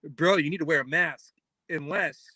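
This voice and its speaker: A man co-hosting a talk show, chiming in loudly and eagerly with his own story. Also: on the high side, normal speed, dry recording. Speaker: co-host. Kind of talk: casual chat.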